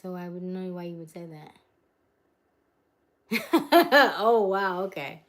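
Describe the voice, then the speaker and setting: A woman's voice: fairly low pitch, steady tone, brisk. A woman hosting a casual livestream from her home, chatting and answering viewer comments aloud, laughing often and trailing off. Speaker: livestream host. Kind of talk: casual live-stream chat. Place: her home, mid-move.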